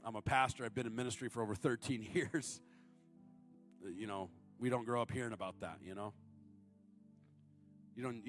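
A man in his thirties preaching a sermon, moving between loud, high-pitched appeals and low, confiding storytelling. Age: 30s. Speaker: guest preacher.

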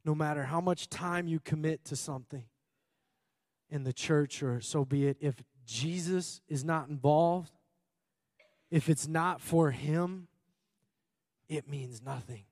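A man's voice: a little high, a little slow, darkish tone, dry recording, studio quality. A man from Minnesota preaching an earnest sermon as pastor, repeating phrases for emphasis. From Minnesota, USA. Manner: earnest and emphatic, with frequent repetition and occasional laughter.

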